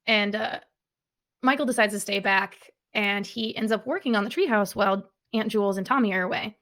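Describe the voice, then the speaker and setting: A woman co-hosts a podcast and walks through a movie's plot in casual chat. She slips into quick impressions of the characters' lines. Her voice sits at a middle pitch. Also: a bit bright, poor audio. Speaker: podcast co-host.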